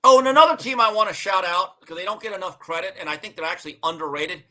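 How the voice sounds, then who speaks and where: A man with a high, bright, ringing voice hosts casual sports talk. He tells stories with animated emphasis and swears freely. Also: fast talker. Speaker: sports show host.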